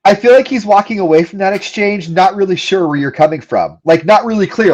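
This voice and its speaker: A man's voice: high-pitched, a little fast, few pauses, darkish tone, muffled recording. A man co-hosting a talk show, joking and mocking himself in casual banter. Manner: joking, self-mocking, acts out confused voices. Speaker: radio show co-host.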